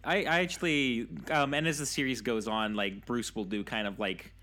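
A man with a mid-pitched voice speaks slowly and hesitantly on a podcast. He often murmurs agreement while the others talk. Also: sharp tone. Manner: hesitant, slow, gives frequent backchannels. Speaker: podcast co-host. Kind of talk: casual chat.

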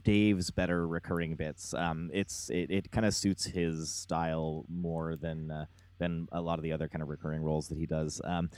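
A man's voice: extremely low pitch, flat delivery, normal speed, a little mellow, dry recording. A man co-hosting a podcast in casual chat, hesitant, with many fillers and laughs. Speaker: podcast co-host.

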